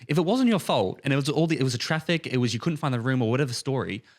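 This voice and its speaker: A man's voice: medium pitch, animated, racing. A man co-hosting a podcast and coaching, telling stories eagerly in casual chat.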